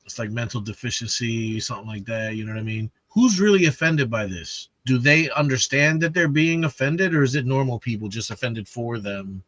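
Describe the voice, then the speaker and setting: A man's voice: mid-range voice, expressive, fairly quick, hardly any pauses, fairly bright tone, no room sound, dull audio. A man co-hosting a casual podcast, arguing his view with rhetorical questions and profanity. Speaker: podcast co-host. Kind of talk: casual chat over drinks.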